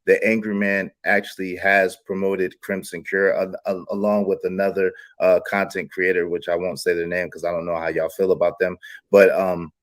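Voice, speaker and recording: A man hosting a live panel discussion, giving measured, somewhat defensive explanations. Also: low-pitched, level tone.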